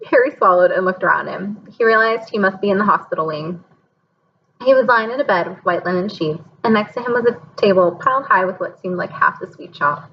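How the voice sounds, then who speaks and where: A woman reading a novel aloud in an expressive, dramatic way. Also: medium pitch, fairly quick, muffled recording, slight background noise. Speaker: audiobook reader.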